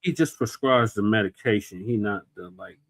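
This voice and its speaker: A man's voice: lowish voice, moderate pace, no echo. A man hosting a livestream, laid-back, mostly answering with brief affirmations before wrapping up the show. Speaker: host. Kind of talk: casual livestream chat.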